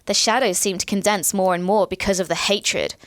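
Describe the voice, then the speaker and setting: A woman's voice: mid-range voice, fairly even intonation, fairly quick, no echo, studio quality. A woman hosting a horror game playthrough, chatting playfully and reading diary entries aloud theatrically. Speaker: let's play host. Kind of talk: casual game commentary with dramatic read-outs.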